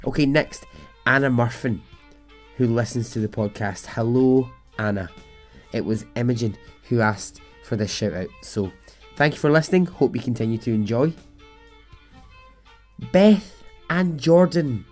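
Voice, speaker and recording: A man's voice: medium pitch, a little slow, pauses often, a little mellow, faint music behind. A man hosting a storytelling podcast, talking in a chatty way and laughing often. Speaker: podcast host.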